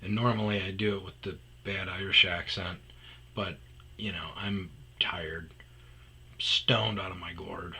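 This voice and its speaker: Husky, rambling male storyteller. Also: deep voice, steady tone, unhurried, pushed and bright, rough recording. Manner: rambling, trails off into mumbles. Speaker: podcast host.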